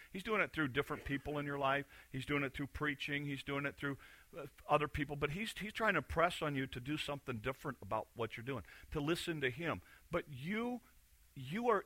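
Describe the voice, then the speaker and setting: Bright-voiced male preacher. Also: fairly high pitch, no echo. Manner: conversational, emphatic preaching with repetition. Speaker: pastor. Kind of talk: sermon.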